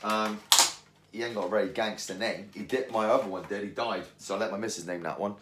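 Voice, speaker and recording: A man's voice: on the low side, fairly quick. A man ranting casually about fishing while making bait at home, rambling and slangy. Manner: animated, slangy, rambling rant. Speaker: angling vlogger. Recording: echoey room.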